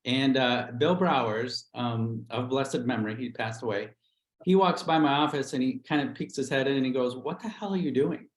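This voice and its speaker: A middle-aged real estate agent talks candidly about how he built his business. His voice sits at an ordinary pitch, and he slips into quick acted-out quotes. The sound carries an echoey room around him. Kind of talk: livestream interview storytelling.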